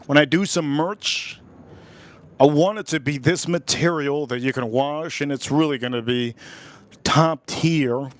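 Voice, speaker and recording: A man hosting a casual livestream, talking to his chat in an animated way and repeating his phrases. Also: a little high, unhurried. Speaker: livestream host.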